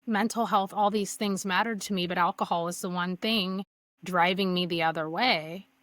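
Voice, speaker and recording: A woman's voice: on the low side, fairly even intonation, moderate pace, fairly bright tone. A young woman candidly telling her personal story as a podcast guest, earnest, with many fillers and restarts.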